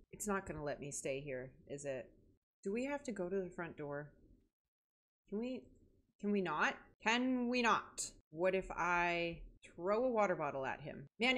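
A young woman hosting a horror game playthrough, joking and reacting dramatically as she plays. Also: mid-range voice. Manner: jokey, dramatic, talks to herself and the game. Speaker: gaming video host.

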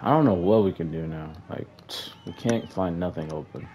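Young gaming commentator, male, deep and dark-toned, frustrated running play-by-play of his own match. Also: normal speed, slight background noise. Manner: frustrated, talks to players on screen, flat sighs between outbursts. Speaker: gaming YouTuber. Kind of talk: casual gameplay commentary.

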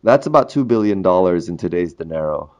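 A man's voice: low-pitched, lively intonation, brisk, a little mellow, highs cut off. A man hosting a history podcast in a casual monologue, jokey and chatty, laughing at his own puns. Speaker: podcast host.

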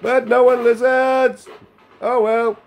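A man's voice: very high-pitched, little pitch movement, takes it slowly, slight background noise. An Australian man giving playful, chuckling commentary over his own gameplay. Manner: playful, chuckling, sing-song exclamations. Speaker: gaming channel host.

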